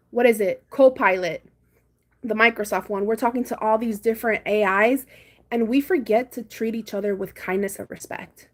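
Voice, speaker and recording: A young woman chatting casually on a home livestream, her voice sitting a little high. She tells stories in an animated way and bursts into loud, acted comebacks. The talk is loose and direct, aimed at her viewers. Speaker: livestream host. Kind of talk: casual live chat. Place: home, doing chores.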